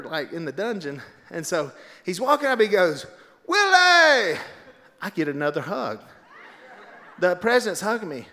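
A man telling funny stories to a live audience, animated and laughing through his own punchlines. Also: high voice, long reverb tail. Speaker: storyteller. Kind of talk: comedic storytelling to a live audience.

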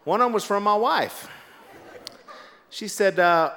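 Animated middle-aged man telling a story. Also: sits high, drawn-out words, pauses often, long reverb tail, slight background noise. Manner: animated, acts out quoted voices. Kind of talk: casual anecdote, told to a laughing audience.

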